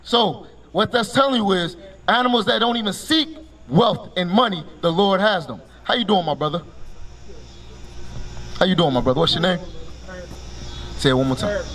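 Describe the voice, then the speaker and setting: High-voiced male street preacher. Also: lively intonation, moderate pace, long pauses, fairly bright tone. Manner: commanding, calls for each scripture reading with a curt "Read", then explains it; quizzes listeners with repeated "right?" and rhetorical questions. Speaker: street preacher teaching passers-by. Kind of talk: street preaching with questions to listeners.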